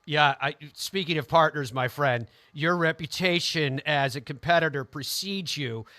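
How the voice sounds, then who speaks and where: Male interview host, higher voice, chatty and eager. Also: moderate pace, bright, forceful tone, no echo. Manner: enthusiastic, chatty questioner. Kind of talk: interview show hosting.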